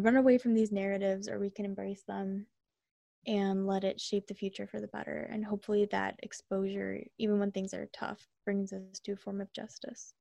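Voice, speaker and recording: Deadpan young woman podcast co-host, dry mic. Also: mid-range voice, gravelly, dry recording. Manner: reads definitions aloud in a dry deadpan, then jokes. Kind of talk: casual podcast chat, reading slang definitions.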